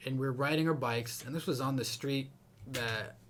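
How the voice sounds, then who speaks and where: A young man co-hosting a podcast, swearing a lot and telling stories with loud acted-out lines. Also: mid-range voice, normal speed, slight background noise. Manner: crude, swearing, animated storytelling; acts out angry people with a raised voice. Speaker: podcast co-host. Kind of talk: casual chat.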